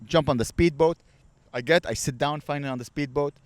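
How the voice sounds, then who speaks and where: A man's voice: a little fast, no echo. A young man on a comedy podcast, animatedly telling a travel story and acting out the people in it. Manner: animated, acts out quoted people with high voices. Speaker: podcast co-host.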